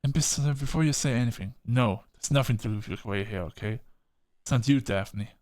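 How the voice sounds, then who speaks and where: A man reading aloud as a disappointed, estranged man who speaks in a calm, reproachful voice. The lines come from a story game and carry quiet resentment. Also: mid-range voice, brisk, no room sound, close to an everyday voice.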